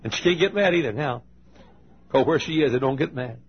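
Gravelly preacher man telling folksy stories. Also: medium pitch, lively intonation, brisk, muffled recording, a little hiss or hum. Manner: folksy, swings from loud to hushed. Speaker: pastor. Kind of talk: sermon storytelling.

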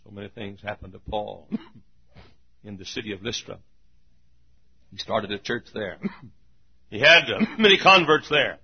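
A man preaching a sermon who swings between shouted peaks and hushed, drawn-out lows, often clearing his throat. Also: muffled recording. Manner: frequent throat clearing and coughs.

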